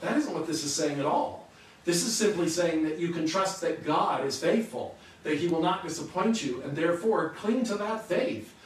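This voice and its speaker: A man's voice: a little high, very echoey, recorded from a distance, a little hiss or hum, rough recording. A man preaching a sermon, teaching earnestly and asking rhetorical questions. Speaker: pastor.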